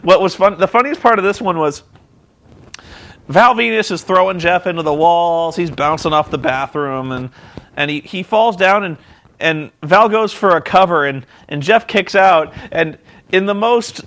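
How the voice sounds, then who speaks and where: A man with a somewhat high voice recaps a wrestling broadcast with heavy sarcasm. He mocks what he saw and drops into silly voices to act out the people involved. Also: fairly bright tone. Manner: sarcastic, mocking, acts out quotes in silly voices. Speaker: reviewer.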